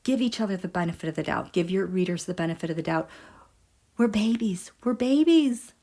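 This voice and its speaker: A woman hosts a casual tarot and astrology livestream, speaking straight to her viewers. She is animated and emphatic, and her pitch swings widely as she reads out their comments. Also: a little fast.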